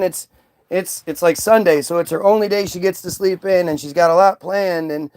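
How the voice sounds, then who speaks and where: High-pitched guy ranting on a livestream, swears a lot, keeps restarting his sentences. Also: steady tone, normal speed, darkish tone, clear, resonant tone. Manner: heated, profane, many restarts. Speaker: livestream host. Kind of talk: casual rant to a live chat.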